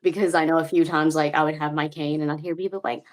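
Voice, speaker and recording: A young woman co-hosts a casual chat, speaking fast in a deep voice with fairly even intonation. She tells stories full of laughter and filler words.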